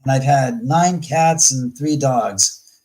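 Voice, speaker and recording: A man's voice: medium pitch, slow pace, rough recording. A middle-aged man talking bluntly and profanely in casual chat, often acting out other people's words. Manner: blunt, profane and animated, acting out quoted voices. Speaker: guest.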